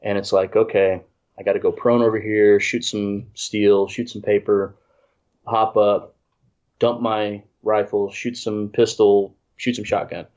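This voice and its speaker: A man's voice: lowish voice, flat delivery, measured pace, darkish tone. A congested man telling a rambling, self-deprecating story in casual chat, full of restarts. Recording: dull lo-fi audio.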